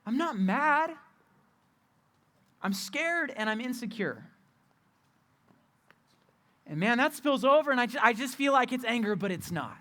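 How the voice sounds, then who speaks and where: A man's voice: very high voice, big pitch swings, measured pace, long pauses, bright, forceful tone. A young adult man preaching a candid, conversational sermon as a youth pastor, often repeating and restarting his phrases.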